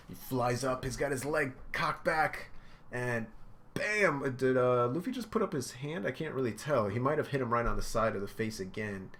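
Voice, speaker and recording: A man hosting a casual reaction video, describing comic panels with excitement and shouted sound effects. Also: mid-range voice, normal speed. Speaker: manga reaction video host.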